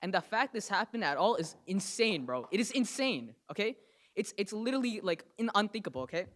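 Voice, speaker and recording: A man's voice: sits high, very animated, fairly bright tone. Emphatic young man at a council podium. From New Jersey. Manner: fast, emphatic, keeps adding "okay?" and "right?". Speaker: public commenter. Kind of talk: impassioned public comment. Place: council meeting chamber.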